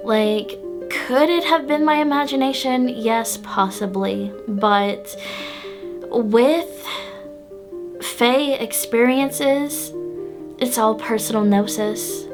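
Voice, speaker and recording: A woman hosting her own channel, chatting casually through a personal story with lots of "like" and "um" and frequent small laughs. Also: a little high. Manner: chatty, full of "like" and "um", laughs often. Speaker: pagan witch channel host.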